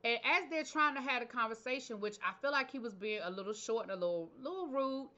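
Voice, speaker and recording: A woman's voice: a little high, fast talker, pushed and bright, highs cut off. A woman hosting her own channel, recapping a reality show episode in a casual, opinionated way with slangy asides. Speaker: TV show reviewer, channel host.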